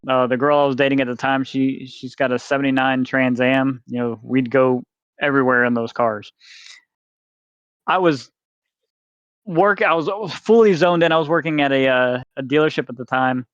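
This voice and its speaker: A man's voice: mid-range voice, normal speed, a bit bright, smooth, no echo, muffled recording. Man spinning a rambling story. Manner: rambling, swears freely, acts out quoted people. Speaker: podcast guest. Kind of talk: casual storytelling.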